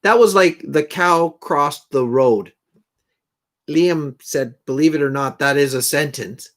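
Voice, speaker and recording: Slow-talking, easygoing man chatting live. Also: a little high. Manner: rambling, folksy, easygoing. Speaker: live stream host and guitar player. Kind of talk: casual chat to live viewers between songs.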